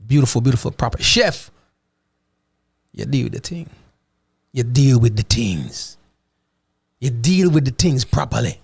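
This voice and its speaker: Jamaican man, gravelly, dry close sound. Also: medium pitch, a little slow, long pauses, no echo. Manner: animated, slips into patois phrases, repeats "you know what I mean". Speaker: vlogger. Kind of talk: casual travel chat.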